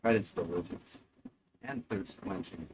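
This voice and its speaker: A man's voice: deep voice, a little slow, a little mellow, slight background noise, low-quality recording. A man streaming live, rambling in a sardonic, self-mocking way and swearing freely.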